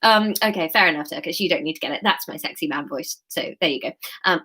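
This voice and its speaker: A woman's voice: deep voice, fast, bright, forceful tone, slightly rough. Chatty, self-mocking woman. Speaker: author reading her novel to viewers. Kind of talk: casual livestream chat and book reading.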